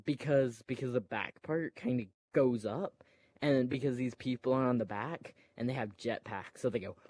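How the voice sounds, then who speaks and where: A man's voice: mid-range voice, moderate pace, a little mellow, no echo. A man casually retelling a film scene by scene, full of fillers, acting out moments and sound effects.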